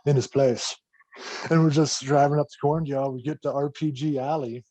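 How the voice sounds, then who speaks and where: A man, an army veteran guest on a podcast, telling war stories in a casual, profane, animated way. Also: medium pitch, normal speed, rough recording. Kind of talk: casual storytelling.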